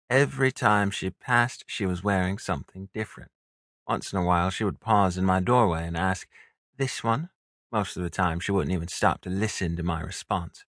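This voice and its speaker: A man reading an audiobook as a first-person narrator in a measured, intimate storytelling manner, recorded close in a studio. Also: low voice, fairly bright tone, no echo.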